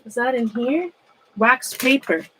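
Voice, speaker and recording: A woman with a fairly high voice talks casually to viewers who are watching her live. She drifts from thought to thought, often breaks off mid-sentence and starts over, and pokes fun at herself as she goes. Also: expressive, a little slow, background noise. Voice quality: rambling, trails off and restarts mid-sentence. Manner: chatty and self-mocking, laughs often. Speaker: craft room vlogger. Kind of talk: casual live-stream chat.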